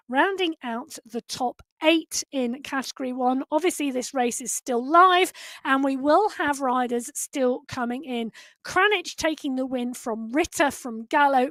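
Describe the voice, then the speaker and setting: A woman commentating a live race, excitable and quick, building to rapid calls at the finish. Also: high-pitched, dry recording. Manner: excitable, rising to fast shouts at the finish.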